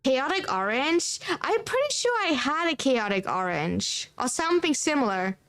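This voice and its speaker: A woman's voice: sits high, sing-song, moderate pace, a bit bright. A woman from Germany with a German accent, streaming and chatting casually, rambling and filling her talk with "like" as she answers chat. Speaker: livestreamer.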